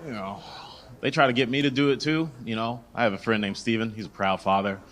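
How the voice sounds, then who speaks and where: A man's voice: mid-range voice, fast talker, slight background noise. A young man from the American South performing a stand-up comedy set in a club, telling stories and acting out the voices of people he meets. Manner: animated storytelling, acts out voices of people in his stories. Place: comedy club stage with laughing audience.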